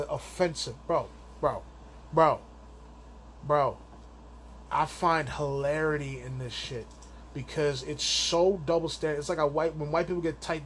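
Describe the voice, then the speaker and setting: Man, high voice, crude rambling rant, solo podcast, faint background hiss. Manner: amateur stand-up comic. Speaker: podcast host.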